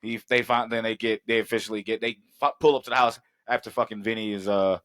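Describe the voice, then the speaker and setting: Profane animated man, dry close sound. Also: fairly low pitch, no room sound. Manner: profane, animated, acts out scenes in quick voices. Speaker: podcast co-host. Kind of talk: casual movie review chat.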